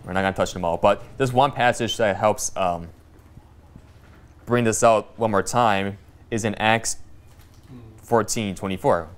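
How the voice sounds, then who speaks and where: A man teaching a Bible study to a small church group, reading scripture aloud and speaking in a halting way with many fillers and restarts. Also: fairly low pitch, slight background noise.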